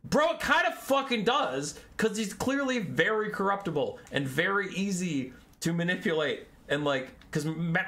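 A man's voice: sits high, pushed and bright. A young man in a casual, exasperated lore rant, sarcastic and swearing often. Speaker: lore video creator.

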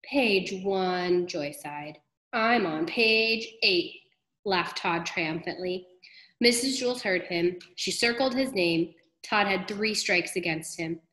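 A woman reading a children's storybook aloud, expressive and warm in pacing, dropping low on the speaker tags. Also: moderate pace. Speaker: reader. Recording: roomy echo.

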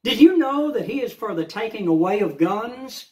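An older man with a drawl speaks straight to camera in a home vlog, venting about politics. His voice sits fairly high for a man. He talks plainly and heatedly, hammering the same words again and again. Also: very animated, moderate pace, dark tone, echoey room. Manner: heated, repetitive and plain-spoken. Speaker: vlogger. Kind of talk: casual political rant to camera.

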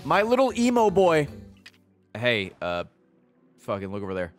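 A man giving casual, profane commentary while streaming a video game, with excitable running reactions. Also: medium pitch, a little slow, soft background music.

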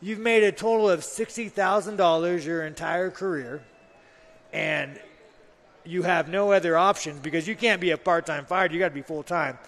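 A man's voice: high-pitched, moderate pace, a bit bright, big-room sound. A man, a pro fighter on a live talk show, telling stories bluntly and with plenty of swearing. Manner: blunt, profane, rambling storytelling. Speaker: fighter guest. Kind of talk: casual chat.

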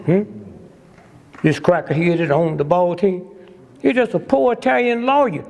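A man's voice: high-pitched, normal speed, gravelly, a little mellow. An older man giving a humorous lecture to a live audience, sly and teasing, constantly prodding the crowd with "hmm?". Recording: long hall reverb.

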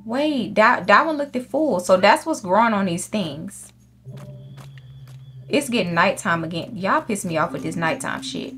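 A woman hosts a gaming video in loose, unscripted commentary. She curses constantly and keeps addressing her viewers directly at a mid pitch. Soft game music plays quietly behind her. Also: lively intonation, measured pace. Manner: profane, chatty, talks straight to viewers. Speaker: gaming channel host. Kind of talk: casual let's-play commentary. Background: faint game music.

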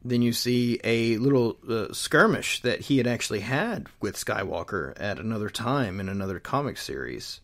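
A man's voice: on the low side, lively intonation, normal speed, hardly any pauses. A man casually retelling a comic book storyline, rambling with plenty of fillers and restarts. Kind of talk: casual chat.

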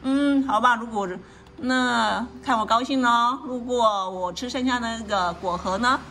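A woman's voice: a little high, unhurried, bright, forceful tone, a little hiss or hum. A woman reading a storybook aloud to a child, explaining each page and often asking the child questions. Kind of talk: bilingual read-aloud.

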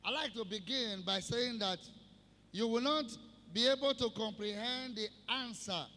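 A man preaching a Christmas sermon, slow and emphatic, repeating key phrases for the congregation. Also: extremely high pitch, sharp tone. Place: church service hall. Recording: long hall reverb.

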